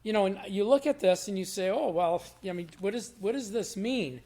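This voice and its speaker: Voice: medium pitch, a little fast, warm tone. A Bible teacher giving a short devotional in a casual, conversational way, explaining verses in everyday words and often restarting phrases. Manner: repeats and restarts phrases while thinking aloud.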